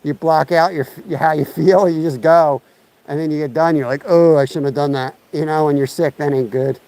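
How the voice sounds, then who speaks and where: A man's voice: a little high, steady tone, moderate pace, dark tone, rough recording. Chatty guy streaming live while fishing. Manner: rambling and chatty, talks to viewers in chat. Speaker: fishing livestream host. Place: outdoors by a lake and creek. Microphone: chest-mounted camera mic.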